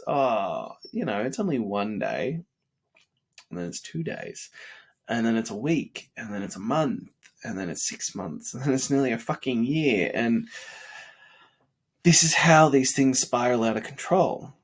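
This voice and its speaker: A man's voice: mid-range voice, sing-song, a little slow, breathy edge. An exhausted man, talking bluntly and with plenty of swearing in a casual motivational vlog, yawning between thoughts. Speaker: vlogger on a self-improvement challenge.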